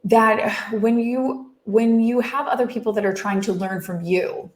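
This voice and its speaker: A woman's voice: fairly high pitch, measured pace. A woman hosting an interview, asking long, chatty questions with lots of restarts and fillers. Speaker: host. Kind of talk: casual interview chat. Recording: echoey room.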